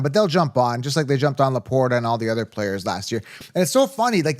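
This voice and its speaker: A man hosting a live fantasy football stream, excitably reading viewer comments and repeating himself for emphasis. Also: fairly high pitch, dry recording, clean studio sound. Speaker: fantasy football show host.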